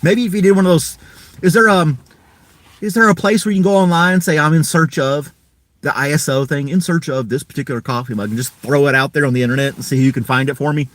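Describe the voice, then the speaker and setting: A man's voice: a little high, steady tone, quick pace, a bit bright, no room sound. A man hosting a casual live stream, rambling in an easygoing way and chuckling often.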